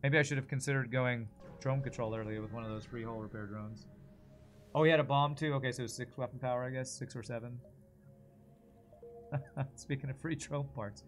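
A man's voice: mid-range voice, fairly even intonation, fairly quick, long pauses, soft background music. Chatty man streaming a strategy game. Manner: chatty, thinks aloud and answers viewer messages. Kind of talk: casual live gameplay commentary.

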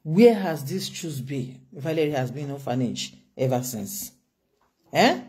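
A woman's voice: very deep voice, animated, measured pace, dark tone. A woman with a Nigerian accent giving an emphatic commentary monologue as a vlogger, firing off rhetorical questions.

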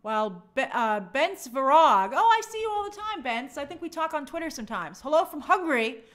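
Very animated and brisk, a New York woman hosting a livestream reads viewer comments in a high, fairly bright voice. She gushes bubbly remarks in this casual chat and stumbles over difficult names.

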